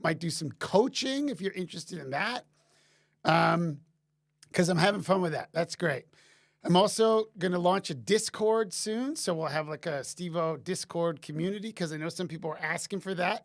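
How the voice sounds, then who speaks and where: A man's voice: high voice, no room sound, studio quality. A man in his forties hosting a live-stream Q&A from a basement, talking casually and rambling with lots of fillers and restarts.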